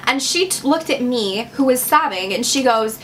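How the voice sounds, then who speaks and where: On her vlog, a young Wisconsin woman recounts a personal storytime with lively intonation, a slightly high voice, and normal speed. She's chatty, sarcastic, and leans heavily on "like," over faint background noise.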